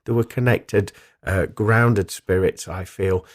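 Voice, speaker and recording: Guy, kinda low voice, calm rambling storytelling with lots of ums, dry close sound. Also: takes it slowly, no room sound. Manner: calm, reflective, with frequent ums. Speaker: spiritual medium and radio host. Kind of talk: solo radio talk, personal storytelling.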